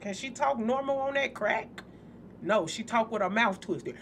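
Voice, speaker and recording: A woman's voice: fairly high pitch, a little slow. A woman hosting a spiritual channel, talking casually and bluntly to her viewers, joking and cursing freely. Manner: blunt, profane, joking, speaks straight to viewers.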